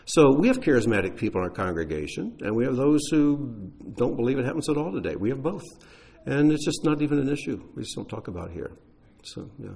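Very animated and fast-talking, this pastor has a medium-pitched, creaky voice with a darkish tone. He answers questions from his congregation casually, explaining as he goes with many fillers and restarts.

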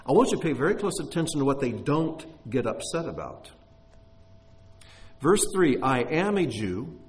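Man preaching with a lively voice. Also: mid-range voice. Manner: expressive reading, breaks off into plain-spoken commentary. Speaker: Bible teacher. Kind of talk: sermon reading and explaining scripture.

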